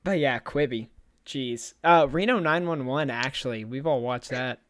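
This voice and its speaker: A man's voice: medium pitch, moderate pace, a little hiss or hum. A young man on a podcast, casually rambling through a story and laughing often as he talks. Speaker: podcast co-host.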